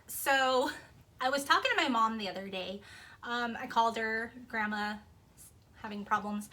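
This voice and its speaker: A woman's voice: a little high, pushed and bright. A young woman vlogger casually telling a rambling story to camera, with many fillers and restarts. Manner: chatty, rambling, lots of fillers.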